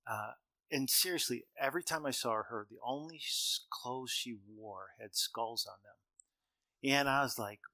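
A middle-aged man tells stories from the stage in a bright, forceful voice, easy and conversational. He slips into the lines of the people he quotes and chuckles at his own jokes. The sound is dry and close, with little room around it. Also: mid-range voice, unhurried, no echo. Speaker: speaker. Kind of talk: humorous storytelling talk.

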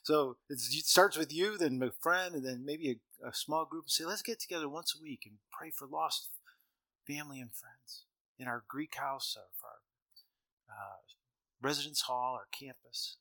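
A middle-aged man preaching a sermon to students in a hall, telling stories that swing between loud emphasis and quiet asides. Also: a little high, measured pace.

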